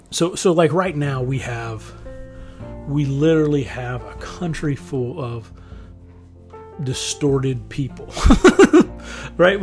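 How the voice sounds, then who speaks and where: Rambling, chuckling man in casual monologue. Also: mid-range voice. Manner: rambling and conversational, with frequent chuckles.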